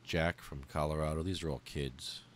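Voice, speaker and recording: A man hosting a podcast, reading out a memorial list in a heartfelt, angry way, swearing and pausing as he falters. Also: a bass voice, fairly even intonation, a little hiss or hum. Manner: heartfelt, angry and profane, with halting pauses. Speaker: podcast host.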